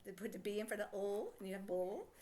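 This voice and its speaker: A woman teaching a phonics lesson to children, sounding out words slowly and asking lots of encouraging questions. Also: medium pitch, mellow. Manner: encouraging, asks many questions.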